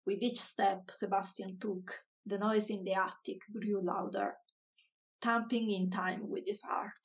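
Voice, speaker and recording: A woman reading a children's story aloud in a soft, measured way. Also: mid-range voice, distant mic.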